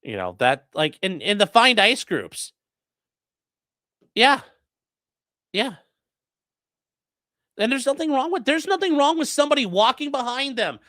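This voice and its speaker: A bright, sharp-toned streamer talks through the law in a loose, profane way, reacting to chat with scorn. The pitch jumps around, punchy one moment and muttered the next. The sound is close and dry. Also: measured pace, pauses often, no room sound. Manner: blunt, profane and mocking; animated, swinging between loud outbursts and muttering. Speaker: legal commentary streamer reading chat. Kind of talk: casual livestream commentary.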